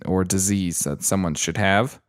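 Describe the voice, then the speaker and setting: A man's voice: sits low, unhurried, smooth. A young man co-hosting a casual podcast, telling stories with lots of swearing and acting out what people said. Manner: animated storyteller, swears freely, acts out quotes. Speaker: podcast co-host. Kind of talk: casual chat.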